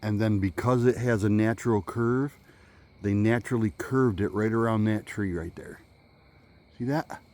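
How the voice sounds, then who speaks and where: Rambling man on a woods walk. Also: on the low side. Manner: musing, halting, with sudden loud call-outs. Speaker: vlogger. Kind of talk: rambling walk-and-talk vlog. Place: outdoors in woods.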